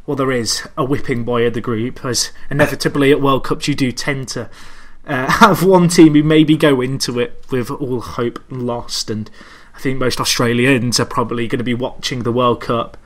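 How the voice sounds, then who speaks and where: A man's voice: mid-range voice, fairly even intonation, normal speed, fairly bright tone. Upbeat young man hosting a football podcast. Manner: upbeat, steering the conversation. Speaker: podcast co-host. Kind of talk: casual sports podcast chat.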